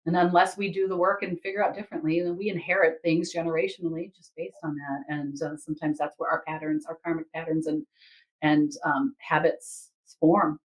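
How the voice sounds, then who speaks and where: A woman who reads Akashic Records, telling a story from a session in a casual, animated way and acting out the people in it. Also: sits low, fairly quick, rough recording. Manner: animated, quotes others and herself in lively asides.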